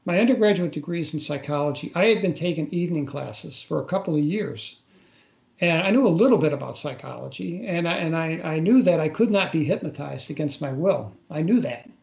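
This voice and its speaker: An older man tells a personal story in a radio interview, his voice pitched a little high. He stops and starts often and repeats words as he remembers. The recording has a roomy echo. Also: expressive, vocal fry, a little mellow, highs cut off. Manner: halting, repeats words while recalling. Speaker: interview guest. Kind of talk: casual first-person storytelling.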